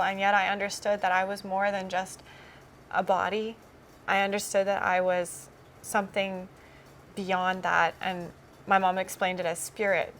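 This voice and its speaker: A woman's voice: medium pitch, a little hiss or hum. A woman cast member giving a personal testimony in an interview, telling her story in an earnest, reflective way.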